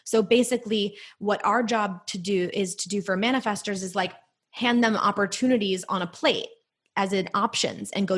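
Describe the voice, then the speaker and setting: A woman's voice: medium pitch, moderate pace. Woman patiently explaining. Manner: patient, explanatory, uses filler words. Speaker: Human Design reader. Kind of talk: podcast interview, explaining.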